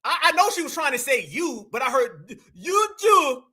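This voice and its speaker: A man's voice: very high-pitched, very animated, normal speed, sharp tone. An American man hosting a live stream, giving incredulous, slangy and mocking reaction commentary. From United States.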